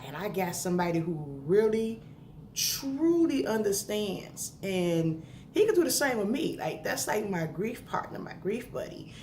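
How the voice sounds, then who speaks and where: A woman's voice: lowish voice, darkish tone. A middle-aged woman talking earnestly and emotionally to camera at home, giving heartfelt, conversational advice. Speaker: vlogger giving grief advice. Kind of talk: casual heartfelt talk to camera. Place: home indoors. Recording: echoey room, faint background noise.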